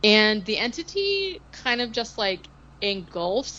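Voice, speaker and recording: A woman's voice: mid-range voice, sing-song, slow, pushed and bright, muffled recording, slight background noise. A woman co-hosting a podcast, recapping a film in casual chat, rambling with lots of "like" and sarcastic asides. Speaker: podcast co-host.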